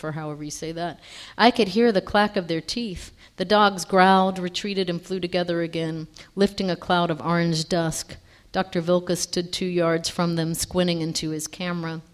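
A woman reading a first-person story aloud in a fairly low voice. She reads expressively and stops now and then to correct a word. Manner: expressive, with small self-corrections.

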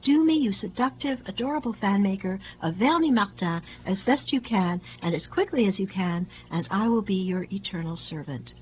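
A woman's voice: lowish voice, moderate pace, hardly any pauses, a little mellow, dull audio, slight background noise, natural voice. A woman reading aloud and voicing a dapper, flamboyant aristocratic man who is exuberant and breathless with laughter. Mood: gleeful.

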